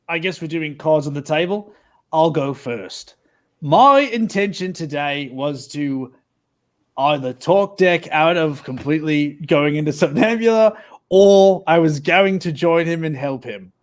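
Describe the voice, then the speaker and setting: A fairly high-voiced man at a tabletop game, chatting in a loose, rambling way full of fillers. He gets animated as he tells a story. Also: unhurried. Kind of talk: casual in-character and table chat.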